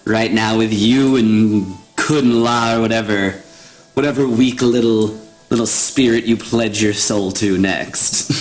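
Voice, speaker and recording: A man's voice: medium pitch, low-quality recording. A man voicing a cruel, scheming old female hag who mocks and taunts with cackles.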